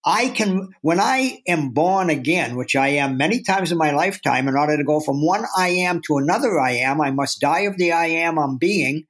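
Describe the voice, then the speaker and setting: Guest author, male, higher-pitched voice, earnest and animated storyteller who acts out inner voices. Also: normal speed, few pauses. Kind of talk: reflective interview talk.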